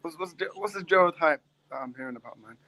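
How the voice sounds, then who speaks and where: A man's voice: fairly high pitch, fast, bright, forceful tone, dry recording, poor audio. A man hosting a casual football chat, bantering and talking over the others. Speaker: host.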